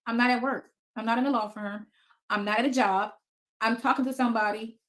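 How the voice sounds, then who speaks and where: A woman in her fifties runs a casual livestream from her basement at home, answering viewer comments bluntly, defiantly, and with plenty of cursing. Her voice sits on the high side with a steady, fairly bright tone, and she talks fairly quickly.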